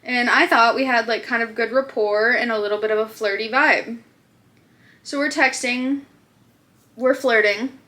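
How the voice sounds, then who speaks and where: A woman's voice: on the high side, fairly even intonation, moderate pace, pushed and bright. A woman with a Minnesotan accent, telling a story in casual chat as a crochet vlogger, chatty and full of fillers. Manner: chatty, filler-heavy storytelling, exasperated rant.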